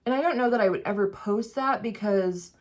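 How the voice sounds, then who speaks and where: Fairly quick and mid-range in pitch, a woman vlogger chats while getting ready. Her casual talk rambles with many fillers and restarts, and she has a slight struggle with enunciating words.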